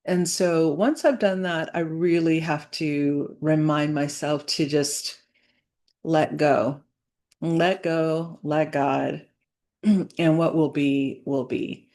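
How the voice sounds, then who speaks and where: A woman speaking to camera in a reflective personal vlog, earnest and halting, with many fillers and restarts. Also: deep voice, steady tone, a little mellow. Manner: earnest, faith-centered. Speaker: business owner vlogging.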